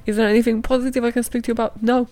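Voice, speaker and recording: A woman's voice: a little high, little pitch movement, rapid-fire, darkish tone, no echo. A woman hosting a solo podcast, ranting bluntly in a rambling, sweary, casual way. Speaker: podcast host.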